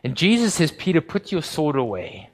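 A man preaching a sermon, retelling a story with vivid drama and dropping low and slow for the quiet, solemn passages. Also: big pitch swings, in a large hall. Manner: dramatic storytelling, acting out crowd and Pilate in a raised voice.

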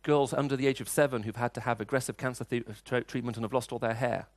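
A man's voice: medium pitch, fairly even intonation, quick pace, no room sound. A middle-aged man preaching a sermon, telling personal stories in a conversational way. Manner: storytelling, conversational, frequent restarts.

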